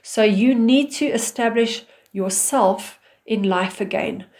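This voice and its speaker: Calm, firm woman giving advice. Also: a little high, slow. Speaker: relationship advice speaker. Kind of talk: direct advice talk.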